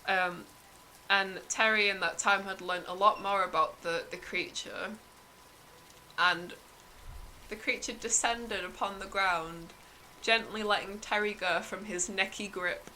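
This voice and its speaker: Woman streamer, improv storyteller: slow, bright-toned, giggly narration. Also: medium pitch, steady tone, a little hiss or hum, rough recording.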